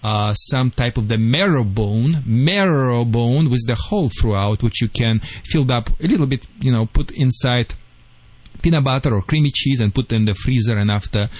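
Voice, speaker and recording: A man's voice: mid-range voice, moderate pace, no echo, low-quality recording. Russian-accented man giving dog advice. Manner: animated, emphatic, slightly broken English. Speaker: dog trainer answering callers. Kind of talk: call-in radio advice.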